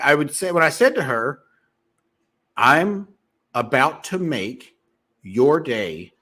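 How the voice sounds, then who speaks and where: A man talking fast as a sales coach, giving a rambling motivational monologue to his viewers with frequent restarts. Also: on the high side, fairly bright tone.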